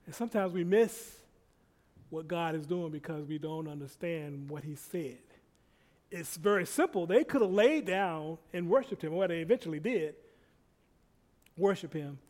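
A man preaching a sermon, repeating phrases and swinging between loud peaks and quiet stretches. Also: a little high, animated, moderate pace. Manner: repetitive, rising and falling in loudness.

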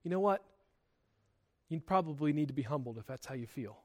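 A young man preaching a sermon, emphatic, moving between loud and soft passages and often repeating words as he starts a sentence. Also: on the high side, lively intonation, fairly quick. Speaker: pastor.

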